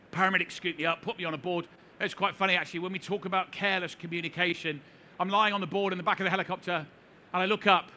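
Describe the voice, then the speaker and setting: Bright-voiced man telling a wry story. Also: sits high, a little hiss or hum. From United Kingdom. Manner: wry, self-deprecating humor. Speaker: seminar speaker. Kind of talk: storytelling talk to a live audience. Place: conference hall.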